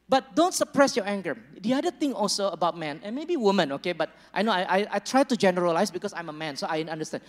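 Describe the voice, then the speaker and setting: Chatty pastor in an echoing hall. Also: male voice, high voice, animated, quick pace. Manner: conversational, joking with the congregation, acts out little dialogues. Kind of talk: sermon. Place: church hall. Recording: long reverb of a large church hall.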